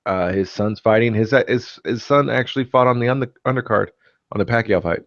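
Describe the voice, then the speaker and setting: A man's voice: mid-range voice, fairly quick, dry recording, dull audio. A man hosting a casual live stream chat, rambling with many fillers and restarts. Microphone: computer mic on a live stream.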